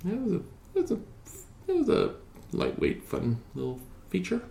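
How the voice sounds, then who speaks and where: A man's voice: high-pitched, huge pitch swings, normal speed, creaky, warm tone, slight background noise. A man in his thirties hosting a podcast in snarky, laughing casual chat. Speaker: podcast host. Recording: roomy echo.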